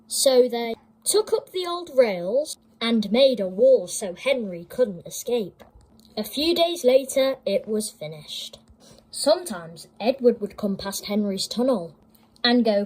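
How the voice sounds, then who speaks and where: A woman telling a children's story in an expressive, animated way. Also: medium pitch, unhurried, low-quality recording.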